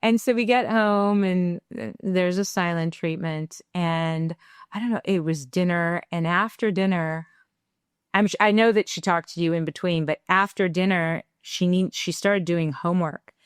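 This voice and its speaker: A woman's voice: lowish voice, normal speed, clean tone, dry recording, studio quality. A woman co-hosting a parenting podcast, telling a candid personal story and acting out the quoted lines as she goes. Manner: animated, acts out quoted dialogue; reflective and candid. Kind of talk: conversational storytelling.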